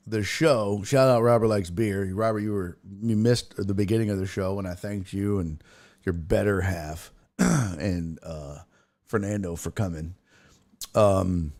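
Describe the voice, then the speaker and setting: A man hosting a sports podcast, telling a rambling, profane story in casual chat. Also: on the low side. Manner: rambling, profane storytelling with animated quoted asides.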